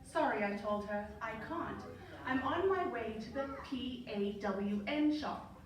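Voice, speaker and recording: A woman in her thirties with a Zimbabwean accent, telling a story on stage with wry, playful timing. Her voice sits fairly high and carries from far off through a very echoey hall with a faint hum. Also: animated, a little slow. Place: large hall.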